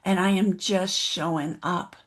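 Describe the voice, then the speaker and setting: A woman gives a motivational keynote at an online event, telling a story and asking the audience, who are in the chat, direct questions. Her voice is fairly low with a steady tone, and her pace is measured.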